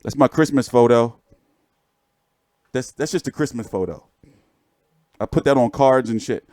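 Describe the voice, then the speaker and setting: Joking, profane boxing-channel host. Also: male voice, mid-range voice, unhurried, a little mellow, no echo. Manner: joking, profane, rambling show-and-tell. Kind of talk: casual livestream chat.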